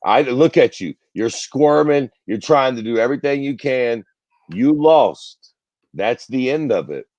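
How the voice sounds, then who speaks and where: A man's voice: medium pitch, lively intonation, normal speed, hardly any pauses, darkish tone, no echo. A man co-hosting a casual talk show, ranting bluntly with heavy swearing. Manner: blunt and profane, drawling rants. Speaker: podcast co-host. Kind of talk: casual chat about current events.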